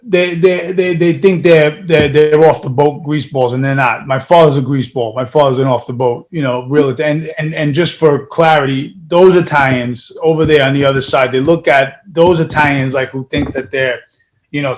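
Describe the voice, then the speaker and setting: A man's voice: a little high, normal speed. A man from New York, a guest musician, telling stories in a casual interview with frequent swearing. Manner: profane, animated storyteller.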